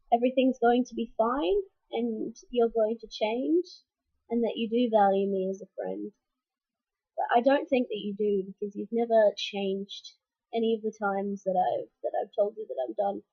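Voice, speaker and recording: A woman's voice: on the high side, slightly rough, muffled recording. A young woman talking frankly to the camera in a personal vlog update, with fillers and restarts. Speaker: vlogger.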